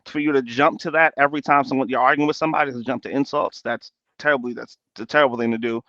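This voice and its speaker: A man's voice: medium pitch, steady tone, quick pace, pushed and bright, no room sound. Defensive man on dull call audio. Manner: defensive, repeats himself, stammers. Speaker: debate guest. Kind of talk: heated live-stream debate.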